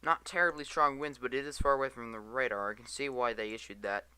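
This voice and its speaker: A man's voice: medium pitch, steady tone, fast, sharp tone, clear, resonant tone. A tired man giving live weather radar commentary, reading storm warnings aloud and stumbling over place names. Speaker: storm chaser livestreamer.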